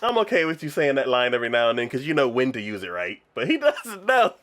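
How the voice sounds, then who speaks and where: Guy on a podcast, pitch jumps all over, laughs a lot, acts out bits of dialogue. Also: quick pace. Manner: animated, laughs often, acts out lines of dialogue. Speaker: podcast co-host. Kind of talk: casual anime podcast chat.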